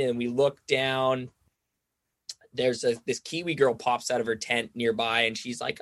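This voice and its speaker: A man's voice: mid-range voice, fairly even intonation, moderate pace, fairly bright tone, no echo. Young guy rambling through a story, says like a lot, dry close sound. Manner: rambling, says "like" constantly, acts out quoted voices. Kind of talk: casual storytelling chat.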